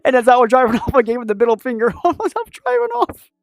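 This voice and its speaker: A man's voice: very high-pitched, very animated, fast, gravelly, no echo, clean studio sound, soft background music. A young man hosting a podcast, telling stories in casual chat, laughing often and swearing. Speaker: podcast host.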